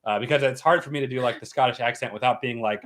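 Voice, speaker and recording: A man's voice: mid-range voice, quick pace, a bit bright. A man from the United States hosting a casual livestream, explaining at length with plenty of fillers and restarts. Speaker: livestream host.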